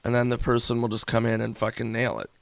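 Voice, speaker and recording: A man's voice: medium pitch, monotone, fast talker, vocal fry, no room sound. A man talking as a guest in a casual interview, loose and laughing, swearing often and filling with "like". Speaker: comedian and actor guest.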